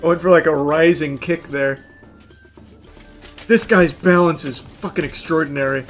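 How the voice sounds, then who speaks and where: A man doing live gameplay commentary as a streamer, yelling, laughing and swearing in bursts. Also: on the high side, moderate pace, faint music behind. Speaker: gaming streamer.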